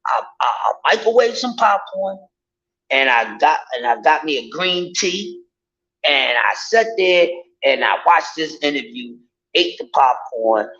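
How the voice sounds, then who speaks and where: A man rants casually to his viewers. His voice sits a little high, and he speaks in an animated, profane, mocking way. The recording sounds dull and lo-fi. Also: a little slow. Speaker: vlogger. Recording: dull lo-fi audio.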